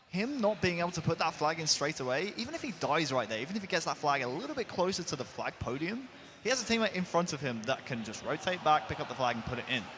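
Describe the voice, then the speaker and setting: A man's voice: fairly high pitch, a bit bright, a little hiss or hum. A man working as an esports analyst, giving talkative, thorough breakdowns of the match at an analysis desk.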